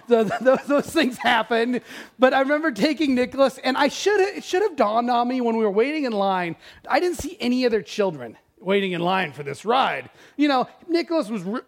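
A middle-aged pastor with a high-pitched voice preaches a sermon built around a personal story. He swings dramatically between loud exclamations and hushed, almost whispered lines.

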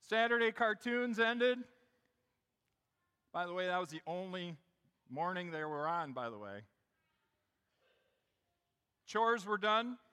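A man's voice: high voice, expressive, slow, pauses often, pushed and bright, smooth, in a large hall. A middle-aged man preaching a sermon in a church, telling a story in a conversational way and speaking straight to the congregation. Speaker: pastor. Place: church sanctuary.

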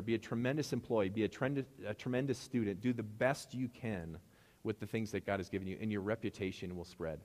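Casual pastor with a low voice in a reverberant hall. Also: male voice, darkish tone. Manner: casual storytelling, acts out dialogue. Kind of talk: sermon with personal stories.

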